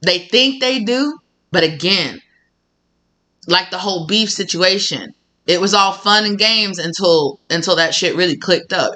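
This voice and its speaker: A bright, sharp-toned tarot reader talking straight to viewers in a casual reading. The delivery is blunt and sassy, with free swearing and frequent laughs. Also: medium pitch, animated, measured pace.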